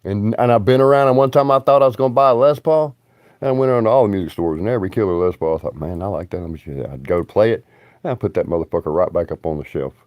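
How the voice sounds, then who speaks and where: A man's voice: lowish voice, racing, dry recording, lo-fi sound. A man, rambling bluntly and profanely on a livestream.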